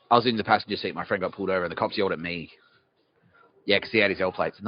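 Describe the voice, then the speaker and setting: Aussie guy rambling and swearing, fairly low voice, dull lo-fi sound. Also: fairly even intonation, very fast. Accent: Australian. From Australia. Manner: swearing, asks himself questions and answers them. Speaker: podcast host. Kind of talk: rambling comic monologue. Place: city street outdoors. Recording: dull lo-fi recording.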